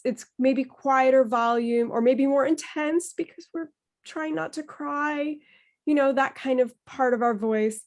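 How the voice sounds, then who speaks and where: A woman leading an online voice workshop over a video call, playful and encouraging. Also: high voice. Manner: playful, encouraging, demonstrates emotions with her voice. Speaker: workshop leader.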